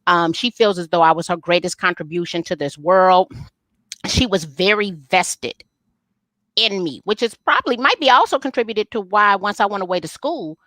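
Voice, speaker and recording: A middle-aged woman, an interview guest, telling family stories candidly and acting out the dialogue with lively, folksy humor. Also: medium pitch, normal speed, no echo. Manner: animated, folksy storyteller who acts out family dialogue. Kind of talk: candid storytelling in a live interview.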